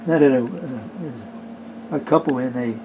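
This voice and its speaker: A man telling jokes in a folksy, unhurried way, pausing often with "uh". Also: medium pitch, very noisy. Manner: folksy, unhurried, with frequent "uh" pauses. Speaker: amateur joke teller. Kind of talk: casual joke telling.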